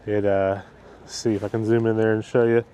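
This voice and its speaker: A man's voice: lowish voice, little pitch movement, brisk, warm tone, slight background noise. Upbeat man vlogging his travels outdoors. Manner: enthusiastic and upbeat, with frequent superlatives. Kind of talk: casual travel vlog narration. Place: outdoors in a port town.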